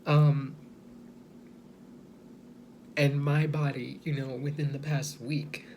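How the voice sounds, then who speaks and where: A man speaking slowly and hesitantly in a personal video monologue, softly and with many pauses and restarts. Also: medium pitch, flat delivery, slight background noise. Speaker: vlogger.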